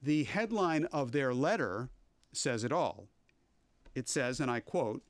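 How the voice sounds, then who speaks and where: A man presenting a political news briefing on a webcast, speaking in a measured, emphatic way with the odd filler. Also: medium pitch, expressive, no echo.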